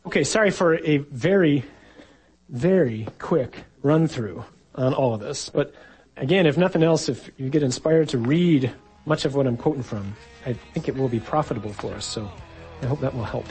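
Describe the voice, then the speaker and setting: A man's voice: medium pitch, normal speed, a little mellow, husky, faint music behind, poor audio. A man, a priest, giving a conversational sermon and acting out the voices he quotes.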